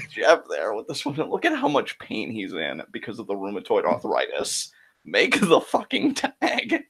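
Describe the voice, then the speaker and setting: A man's voice: fairly low pitch, wildly swooping pitch, measured pace, creaky, sharp tone, slightly rough. A man co-hosting a live wrestling reaction show in casual, crude, sarcastic chat, swearing freely.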